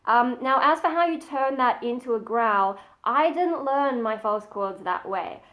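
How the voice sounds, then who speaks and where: A woman's voice: fairly high pitch, expressive, a little slow, dull audio. A woman at home giving a casual metal vocal tutorial, chatty and modest, stopping often to show the sounds she means. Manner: chatty and modest, breaks off to demonstrate sighs and growls.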